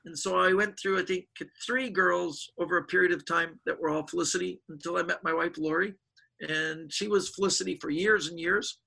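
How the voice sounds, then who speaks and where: High, bright man telling stories. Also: brisk, creaky, low-quality recording. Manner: animated storyteller acting out quoted voices. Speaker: guest magician. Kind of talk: casual storytelling interview.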